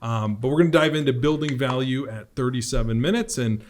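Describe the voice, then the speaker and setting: A man's voice: medium pitch, animated, fairly quick. A man hosting a podcast, reviewing a recorded sales appointment in a conversational way and recapping points for the audience. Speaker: podcast host, sales coach.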